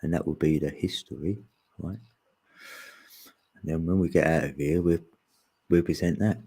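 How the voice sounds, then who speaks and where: A man hosting a casual spiritual chat, slangy and relaxed, laughing often and acting out what others said. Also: low voice, normal speed, husky. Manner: laid-back, laughs often, slangy, acts out quoted voices. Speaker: podcast host.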